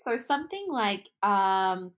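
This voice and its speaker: A woman's voice: mid-range voice, very animated, slow. A young adult woman with an Australian accent, co-hosting a podcast in casual chat, self-deprecating and giggly, tripping over words. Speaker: podcast co-host.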